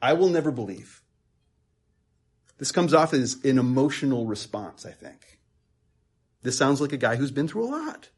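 A male preacher in a conversational sermon, his voice husky and a little breathy. He talks earnestly, repeats words as he works through a thought, then climbs into emphatic, passionate peaks. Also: mid-range voice, big pitch swings, moderate pace. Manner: repeats words while thinking aloud.

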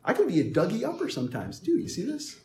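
A man preaching a sermon as pastor, emphatic and animated, with playful asides to the congregation. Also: high-pitched, quick pace, reverberant.

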